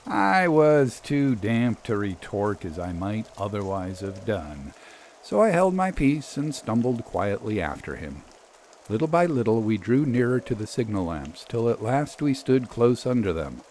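A man narrating a literary story in the first person, measured and storytelling. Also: on the low side, big pitch swings, darkish tone, a little hiss or hum. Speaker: reader.

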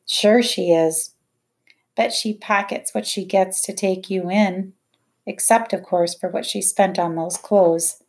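Woman putting on a harsh mum, sneering, low furious voice, storybook reading. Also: fairly even intonation, slow pace. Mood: scornful. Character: harsh scornful working-class London mother.

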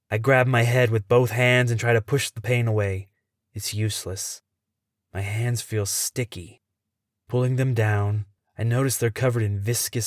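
A man with a lowish voice, a podcast host and storyteller, narrates a first-person thriller in a measured, tense way. The recording is close and dry, with no room sound and no echo.

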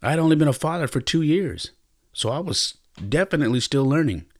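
A man's voice: on the high side, lively intonation, fairly quick. A man hosting a podcast, telling a personal story in a reflective, earnest way, often stopping and restarting his sentences. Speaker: podcast host.

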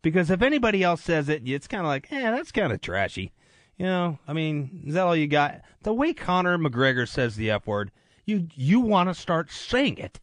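A man's voice: fairly high pitch, very animated, moderate pace, no room sound. A man filling in as host on a sports radio show, chatting casually in a joking, rambling, self-deprecating way at a studio mic. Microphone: studio microphone.

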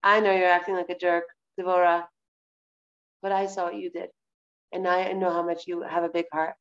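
A woman voicing God as a calm, forgiving male presence, speaking softly and reassuringly during an online Torah class. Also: moderate pace, dull audio, close to an everyday voice. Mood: tender. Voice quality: soft, low and reassuring.

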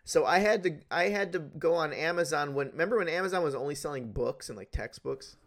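Animated man telling a story. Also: on the high side, a little fast. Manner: animated storytelling, swearing, laughing. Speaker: podcast co-host. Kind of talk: casual podcast chat.

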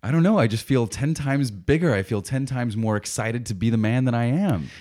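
A man's voice: low voice, lively intonation, a little fast, darkish tone. Man playing a vain, bossy street burglar. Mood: preening. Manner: brash, demanding, then preening. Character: vain, easily flattered male street burglar.

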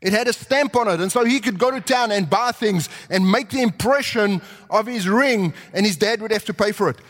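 A man preaching a sermon, telling the story with animated delivery and acting out the characters' voices. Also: high-pitched, fairly quick. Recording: long hall reverb.

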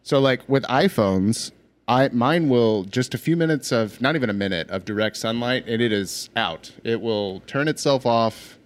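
A man's voice: medium pitch, normal speed. A man chatting casually on a podcast, chiming in with dry, wry remarks. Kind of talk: casual chat.

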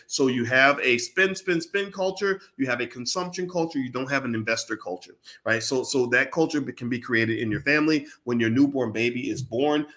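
A man's voice: medium pitch, a bit bright. A man giving an impassioned monologue, preachy and emphatic, who repeats himself and talks straight to his listeners in casual slang. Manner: uses casual speech with slang. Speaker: commentator.

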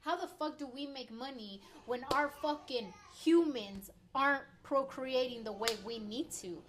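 Woman, twenties, rambling profane vlog rant, slightly high voice, faint noise behind. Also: measured pace. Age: 20s. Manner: heavily profane, rambling, heated. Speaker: vlogger. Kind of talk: ranting opinion vlog.

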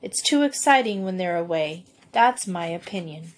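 A woman's voice: on the low side, lively intonation, normal speed. A woman reading aloud, voicing a timid young girl with a tremulous voice.

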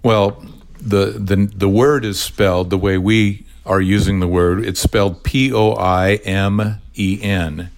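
An older man, a retired pastor, explaining his ministry in a measured, careful podcast conversation. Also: on the low side, steady tone. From California. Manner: measured, explanatory, spells words out.

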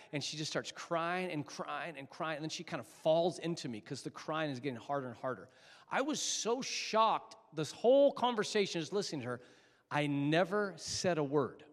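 A male pastor with a high, bright voice delivers a sermon as an animated storyteller. He swings from loud emphasis to quiet, hushed moments. His voice rings out with the long reverb of a large hall.

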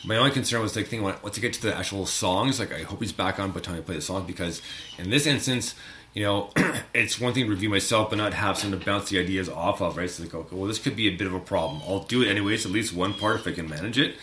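A man chatting on a podcast in a fairly low, bright and forceful voice. He rambles, stops and restarts, and laughs often. The sound is echoey, with a faint hum of background noise. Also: quick pace. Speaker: podcast co-host. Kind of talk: casual chat.

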